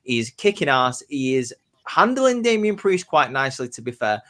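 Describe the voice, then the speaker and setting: A man's voice: medium pitch, normal speed. Man telling wrestling predictions, play-by-play. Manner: excited play-by-play storytelling. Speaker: podcast host. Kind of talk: casual wrestling prediction chat.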